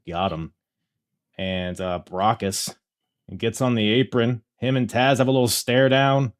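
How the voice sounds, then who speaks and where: A man hosting a podcast in casual chat, talking with animated quick asides and many fillers. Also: medium pitch. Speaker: podcast host.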